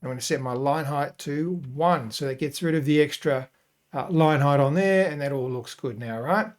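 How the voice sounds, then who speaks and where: A man hosting a software tutorial, talking casually and thinking aloud as he works through each step. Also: fairly high pitch, normal speed. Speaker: web design tutorial host. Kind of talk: screen-recorded software tutorial.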